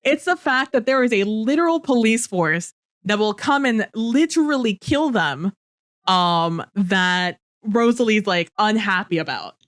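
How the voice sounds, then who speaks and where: A woman's voice: mid-range voice, lively intonation, a little slow, fairly bright tone, no echo, clean studio sound. A young woman co-hosting a podcast, talking through a book in a loose, chatty way with lots of fillers. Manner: chatty, many fillers, mock-quotes characters. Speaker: podcast co-host. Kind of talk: casual book-club chat.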